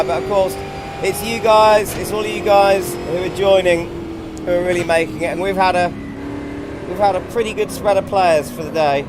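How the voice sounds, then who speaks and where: Casual: high-voiced bloke rambling through a racing stream, lots of background noise. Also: male voice. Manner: chatty, rambling, reacting to the race mid-sentence. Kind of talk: casual live-stream commentary while racing. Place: home sim racing rig.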